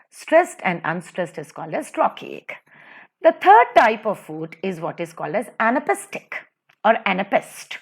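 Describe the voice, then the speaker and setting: A woman teacher with an Indian English accent, lecturing over slides with a sing-song, stressed delivery and slow recitations of verse. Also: medium pitch.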